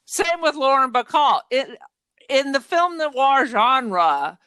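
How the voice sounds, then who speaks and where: Podcast cohost lady, animated plot recap, bright tone. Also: high-pitched, clean tone, no room sound. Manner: animated, quick retelling of plot. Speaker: podcast co-host. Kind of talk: casual chat.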